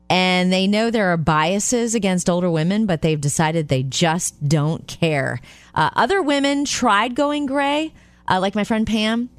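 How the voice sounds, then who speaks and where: A woman co-hosts a talk radio show, reading segment copy in a chatty, bright way. She is close-miked in a dry studio with no room sound at all. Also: medium pitch, no room sound. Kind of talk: casual talk radio chat.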